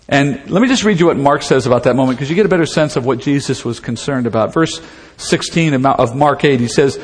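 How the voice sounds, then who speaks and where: A man teaching through a Bible passage in a conversational, animated way, acting out the dialogue with humor. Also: mid-range voice, brisk, long reverb tail.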